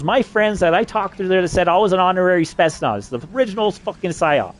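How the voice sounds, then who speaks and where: A man's voice: sits high, expressive, quick pace, hardly any pauses. A man from New Mexico delivering an agitated, profanity-laden rambling monologue. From New Mexico, USA.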